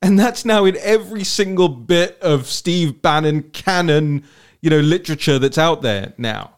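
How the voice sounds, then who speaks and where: Male host, fairly high voice, rambling and animated in political conversation. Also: moderate pace. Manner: animated, rambling, repeats words while thinking aloud. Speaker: podcast host. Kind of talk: political talk-show conversation.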